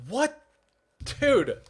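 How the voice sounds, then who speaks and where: A man's voice: high-pitched, gravelly, breathy edge. A male streamer playing a game live, exasperated and frustrated, tossing in "dude" and "bro" as he talks.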